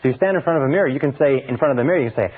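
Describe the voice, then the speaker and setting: An earnest man gives a self-help lecture, repeating phrases for emphasis and dropping his voice low and slow to model affirmations. His voice sits at an ordinary middle pitch. The sound is thin and tinny, like an old phone line. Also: slightly rough. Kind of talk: motivational lecture.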